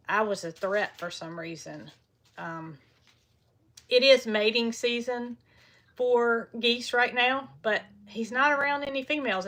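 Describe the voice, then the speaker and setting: A woman's voice: a little high, a bit bright. A woman, chatting casually on a farm live stream from a small heated milk room and cooing at the baby animals now and then. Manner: chatty and folksy, often stops to coo at baby animals. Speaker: farm vlogger.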